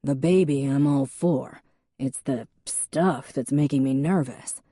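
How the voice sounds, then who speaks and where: A woman's voice: rumbling low, takes it slowly, mellow, no echo, studio quality, full character voice. A woman voicing a nervous young husband who mutters darkly in an audiobook. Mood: gloomy.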